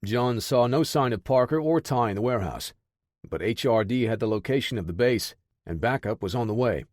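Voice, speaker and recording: A man reads scripted narration for a military action audiobook in a steady, measured way. His voice is medium-pitched, and the recording is dry with clean studio sound.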